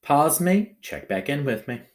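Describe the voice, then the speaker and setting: Male teacher for a phonics video, patient and unhurried, very lively pitch, stretches out sounds and keeps asking "okay?". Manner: slow, exaggerated sounding-out of syllables; ends phrases with a bouncy "okay?". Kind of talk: phonics lesson for young pupils.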